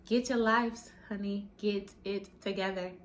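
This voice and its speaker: A woman's voice: medium pitch, measured pace. A woman in her twenties talking casually to camera in a vlog, sassy and blunt, with plenty of swearing. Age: 20s. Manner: sassy, blunt, profane, animated. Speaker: vlogger.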